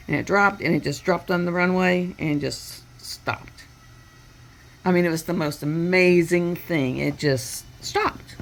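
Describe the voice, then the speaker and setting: A woman's voice: on the low side, a little slow. A woman, a crafting vlogger chatting casually and retelling a story with quoted voices at her home workstation.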